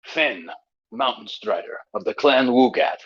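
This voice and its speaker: Brief: a man playing a proud, stiffly polite mountain strider, mid-pitched, heard through a dull lo-fi mic. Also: lively intonation, a little slow, a bit bright, husky. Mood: formal. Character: proud green-skinned male mountain strider.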